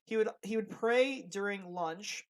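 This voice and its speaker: A young man co-hosting a podcast chats casually in a high, unhurried voice. He rambles, restarting his sentences often and using plenty of fillers.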